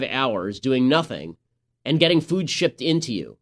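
A man's voice: on the high side, lively intonation, normal speed, a bit bright. A man hosting a political commentary podcast, talking in a sarcastic, mocking way. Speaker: podcast host.

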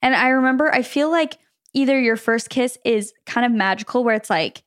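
A woman's voice: on the high side, moderate pace, fairly bright tone, smooth. A young married woman co-hosting a podcast, chatting in a giddy, gushing way with lots of fillers. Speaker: podcast co-host. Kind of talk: casual chat.

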